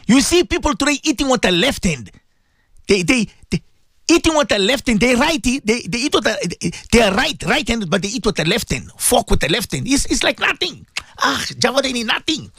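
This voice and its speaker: Impassioned high-voiced radio preacher. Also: male voice, sing-song, fairly quick, fairly bright tone, slightly rough, dry recording, studio quality. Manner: impassioned, repetitive rhetorical questions. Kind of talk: radio sermon.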